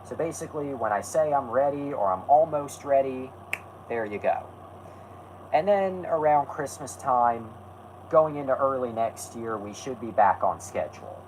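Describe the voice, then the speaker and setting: A man's voice: mid-range voice, lively intonation, normal speed, darkish tone, rough recording. Guy rambling on a live stream, voice bounces around a lot, a bit of faint noise behind. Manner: rambling, testy with chat, self-correcting. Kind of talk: casual live stream talk.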